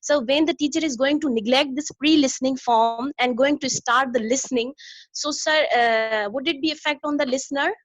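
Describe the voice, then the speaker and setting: A woman's voice: high-pitched, normal speed, no echo. A woman, a student asking questions hesitantly and often addressing the teacher as sir. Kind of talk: classroom question. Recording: dry, muffled lo-fi recording.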